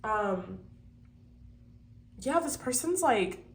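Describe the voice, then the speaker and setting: A woman's voice: on the high side, sing-song, very slow, gravelly, background noise. A young woman doing a casual tarot reading at home, chatty and swearing freely, sniffling from allergies. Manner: chatty and swearing, talks to viewers. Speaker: tarot reader. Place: home, kept quiet for sleeping child.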